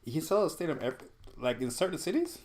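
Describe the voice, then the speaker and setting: A man's voice: on the high side, big pitch swings, fast talker, a little mellow. A young man co-hosting a live-streamed casual chat, laid-back and slangy, chuckling as he talks. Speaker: podcast co-host.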